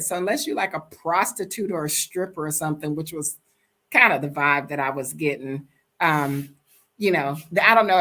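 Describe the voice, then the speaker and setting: Sassy, animated American woman storyteller. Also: low voice, normal speed. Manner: animated, blunt, sassy, acts out quoted dialogue. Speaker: vlogger telling a story. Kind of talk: casual storytime monologue.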